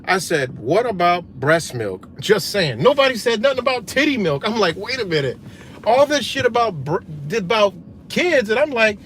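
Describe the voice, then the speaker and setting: Over a slight hiss or hum, a livestream host with a voice on the high side rants casually and swears heavily. He's animated and fires back at the comments viewers leave.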